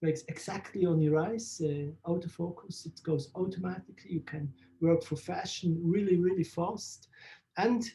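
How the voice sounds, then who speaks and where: A man, answering interview questions in halting English and searching for words. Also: high-pitched, mellow. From Switzerland. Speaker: photographer interviewee.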